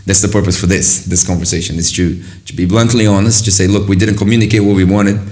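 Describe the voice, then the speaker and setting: Deep-voiced reflective middle-aged man. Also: steady tone, fast talker, darkish tone. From from another country. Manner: earnest, rambling, frequent restarts and fillers. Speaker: host. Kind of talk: reflective casual conversation.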